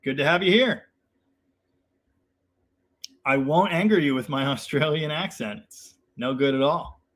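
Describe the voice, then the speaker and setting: A man's voice: on the high side, a little slow, a bit bright. A young man hosting a casual live chat, reading viewer comments and rambling in a self-deprecating way with lots of fillers.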